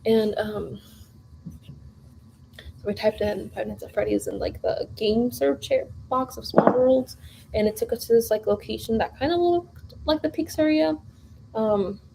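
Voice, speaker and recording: A young woman chats while she bakes in her kitchen, voice soft and mellow and a touch high, and she wanders through her story with filler words and restarts. There is a faint hiss under her voice. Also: gravelly, poor audio. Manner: rambling, animated, lots of fillers and restarts. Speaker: vlogger. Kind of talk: casual storytelling while baking. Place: home kitchen.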